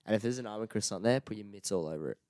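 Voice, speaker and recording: A man's voice: lowish voice, very fast, dark tone, no echo, clean studio sound. A young Australian man co-hosting a podcast, blunt and swearing freely in casual chat. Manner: blunt, swears freely, mock-outraged rants. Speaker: podcast co-host.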